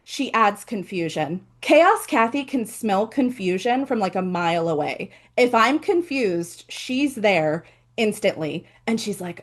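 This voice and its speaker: A woman author hosting her own book launch over a video call, chatty and animated, with playful asides. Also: medium pitch, unhurried. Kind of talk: casual live presentation.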